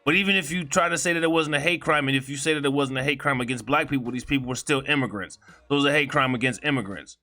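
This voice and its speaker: A man's voice: medium pitch, fast talker, sharp tone. A man giving a heated, profane commentary in a blunt, indignant way. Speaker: video commentator.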